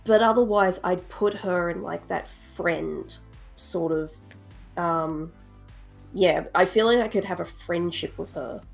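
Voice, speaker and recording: A woman's voice: fairly low pitch, a little slow, gravelly, faint music behind. A woman chatting casually as a stream guest, thoughtful and drawing out her phrases. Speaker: co-host guest.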